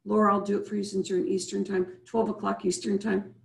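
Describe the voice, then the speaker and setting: A woman's voice: medium pitch, little pitch movement, quick pace, gravelly, roomy sound. A woman hosting a live video-call show as a business coach, leading listeners through breathing and asking repeated rhetorical questions. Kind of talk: motivational show wrap-up with guided breathing.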